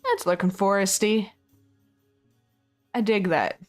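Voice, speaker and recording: A hoarse woman streamer chatting casually with her viewers, rambling, laughing often and swearing freely. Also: medium pitch, slow, soft background music. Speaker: game streamer. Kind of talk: casual chat with viewers while building.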